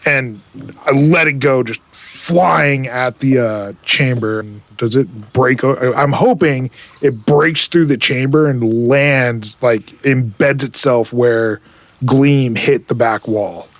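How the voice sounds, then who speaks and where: A man's voice: medium pitch, dry recording. A man playing a tabletop role-playing game, describing his character's actions with growing intensity. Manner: intense, rising fast when worked up. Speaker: player.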